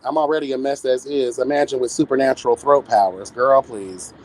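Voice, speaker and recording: A man in his late thirties hosting a livestream, chatting with viewers in a sassy, campy, animated way. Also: mid-range voice, normal speed, hardly any pauses, no echo. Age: 30s. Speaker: livestream host. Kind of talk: casual chat with viewers.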